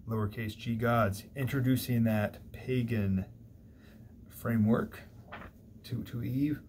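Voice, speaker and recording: Speaking at medium pitch with fairly even intonation, a man lectures a little slowly and mellowly on a classic poem. It's a recorded university class on a single mic with slight background noise, and he digresses conversationally, restarting briefly as he works through ideas.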